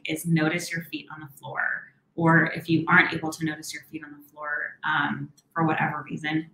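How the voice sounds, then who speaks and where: A young woman therapist with a fairly low voice talks through viewers' questions on a live stream. She speaks quickly and casually, with frequent "um"s and restarts, and the sound bounces around an echoey room. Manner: quick, warm-toned advice with many "um"s and restarts.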